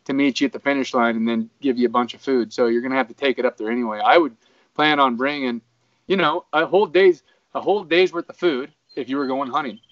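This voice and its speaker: Male podcast co-host from Idaho, mid pitch, chatty and joking, dry distant lo-fi sound. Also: quick pace, a bit bright, no echo. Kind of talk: casual chat.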